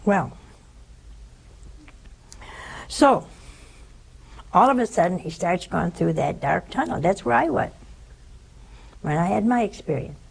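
An older religious sister giving a sermon, telling a story with animated voices and sudden drops to a whisper. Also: female voice, lowish voice, unhurried, pauses often, poor audio. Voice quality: gravelly, husky.

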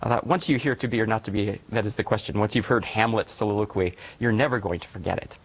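Low-voiced man, measured and thoughtful. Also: poor audio. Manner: thoughtful, measured, enthusiastic about verse. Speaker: poet and former teacher. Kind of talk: interview conversation.

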